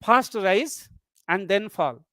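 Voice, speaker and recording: A methodical lecturer delivering an academic webinar, defining terms and then restating them to make sure they sink in. The pitch sits in a middling range, and the recording is close and dry with no room sound. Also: animated, slow, sharp tone, no echo. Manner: methodical, explains step by step with repeated definitions. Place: online webinar.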